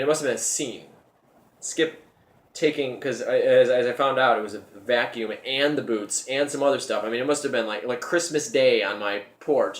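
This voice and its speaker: A man's voice: medium pitch, roomy sound. A man hosting his own show, telling a personal story in a rambling, casual way, often repeating his words as he goes.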